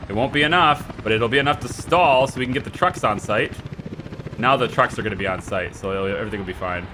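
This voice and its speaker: A man streaming a city-building game live, chatting to himself and yelling frantically when things go wrong. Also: lowish voice, fast talker, a little hiss or hum. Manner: excitable, swings from mumbling to frantic shouting. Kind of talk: live gameplay commentary.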